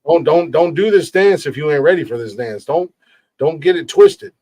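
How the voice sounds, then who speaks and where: A man's voice: fairly high pitch, animated, moderate pace, darkish tone, dry recording. A middle-aged man hosting a podcast in casual talk, earnest and emphatic, swearing freely and often stumbling over repeated words. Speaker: podcast host.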